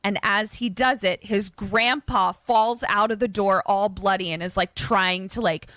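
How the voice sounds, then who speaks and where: Bright animated woman telling a story. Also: mid-range voice, no room sound. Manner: animated storyteller, quick asides and laughs. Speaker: podcast co-host retelling a film. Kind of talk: casual chat.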